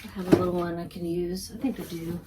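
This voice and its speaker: A woman's voice: fairly low pitch, little pitch movement, fast talker, heavy background noise. A woman from Texas with a light Texas accent, chatting casually and thinking aloud as she packs up her online sales at home. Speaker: online reseller. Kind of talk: casual chat while packing orders.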